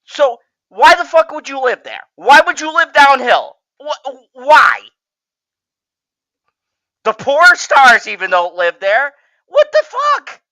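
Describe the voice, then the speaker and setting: A woman's voice: high voice, slow, dry recording, poor audio. A woman co-hosting a casual podcast chat, swearing freely and laughing often. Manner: profane, laughs often, animated. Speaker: podcast co-host.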